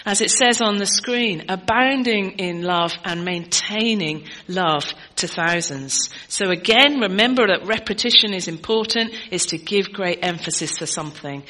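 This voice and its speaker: A woman's voice: fairly low pitch, pushed and bright, low-quality recording. A middle-aged woman preaching a sermon in a conversational, teaching way, asking the congregation questions.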